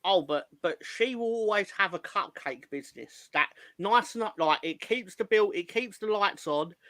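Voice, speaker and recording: Bright-voiced man chatting casually on a podcast. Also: sits high, lively intonation, moderate pace, no room sound. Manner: rambling, jokey, crude. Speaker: podcast co-host. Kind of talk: casual chat.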